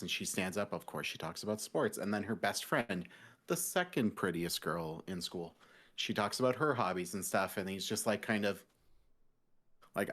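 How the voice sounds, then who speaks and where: Low-voiced man animatedly recapping a story. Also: normal speed. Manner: animated storyteller who recaps scenes and mimics characters. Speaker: podcast co-host. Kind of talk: casual chat. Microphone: voice call.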